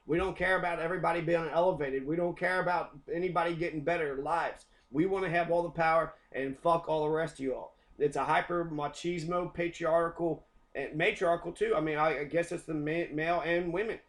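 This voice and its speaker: A man's voice: a little high, fairly even intonation, brisk, few pauses. A young adult American man delivering a heated, profane rant, often repeating himself. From United States. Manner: profane, heated, repetitive ranting. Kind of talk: angry rant.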